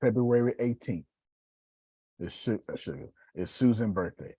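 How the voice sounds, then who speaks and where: A man giving a casual, preacherly motivational talk on live video, swinging between loud bursts and hushed asides. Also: fairly low pitch, normal speed, slightly rough, no echo.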